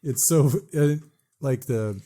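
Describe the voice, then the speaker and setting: A man's voice: mid-range voice, slow, warm tone. Laid-back man chatting on a podcast. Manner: laid-back, hesitant, fillers. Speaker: podcast co-host. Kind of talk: casual chat.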